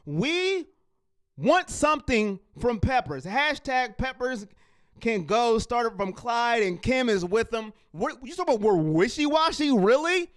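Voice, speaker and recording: An emphatic man hosts a live sports fan show, repeating his lines for effect as he vents and reads out the chat. His voice sits high and swings widely in pitch. It comes through smooth and clear. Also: a bit bright. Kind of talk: heated fan rant and live chat reading.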